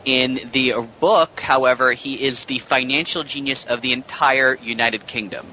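Bright-voiced man chatting about a film. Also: mid-range voice, fairly even intonation, moderate pace. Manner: talkative, explains at length with many restarts. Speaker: podcast co-host. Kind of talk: casual movie discussion. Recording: lo-fi with faint noise.

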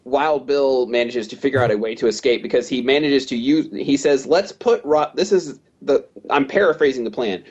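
A man's voice: medium pitch, moderate pace, hardly any pauses, a little mellow, husky, lo-fi sound. A man co-hosting a casual movie podcast, recapping the plot and playfully acting out characters' lines in a raised voice. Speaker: podcast co-host.

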